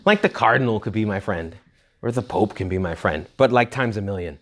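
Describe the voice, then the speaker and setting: A man, a Catholic priest, giving a retreat talk to young adults in a blunt, jokey, animated way. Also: lowish voice, brisk. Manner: animated, jokey, acts out quoted voices; blunt and emphatic.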